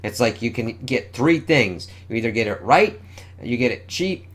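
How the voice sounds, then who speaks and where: A man casually reviewing a comic issue, excitable and profane, rambling as he reacts to the panels. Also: mid-range voice, normal speed.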